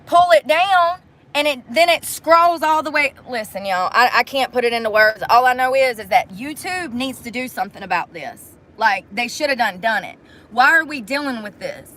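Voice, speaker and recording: Blunt, bright-voiced woman venting on a livestream. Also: high-pitched. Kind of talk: casual livestream chat. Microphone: phone.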